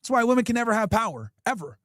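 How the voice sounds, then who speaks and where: A man's voice: extremely high pitch, very animated, rapid-fire, fairly bright tone, dry recording, clean studio sound. A man hosting a livestream, ranting bluntly and profanely while reacting to clips. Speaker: livestream host. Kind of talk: casual streaming rant reacting to clips.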